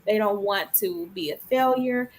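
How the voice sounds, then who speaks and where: A woman's voice: medium pitch, a little slow, slight background noise, poor audio. A woman co-hosting a casual podcast chat, speaking emphatically and with conviction. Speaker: podcast co-host.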